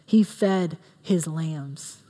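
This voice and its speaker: A woman's voice: low voice, drawn-out words, mellow. A woman giving a sermon in an earnest, conversational way, with many fillers. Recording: long reverb of a hall.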